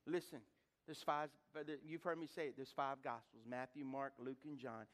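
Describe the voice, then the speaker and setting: A middle-aged man preaches a sermon full of storytelling, mixing humorous personal anecdotes with rhetorical questions to the congregation. He often repeats words as he builds to a point, speaking at a moderate pace in a mid-range, fairly bright voice.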